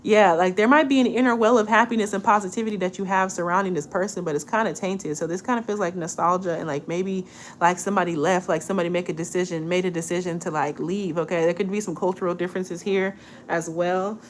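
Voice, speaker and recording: A woman in her twenties giving a casual tarot reading, chatty and relaxed, often checking in with "okay?". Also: fairly low pitch, quick pace, slight background noise. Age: 20s. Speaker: tarot reader.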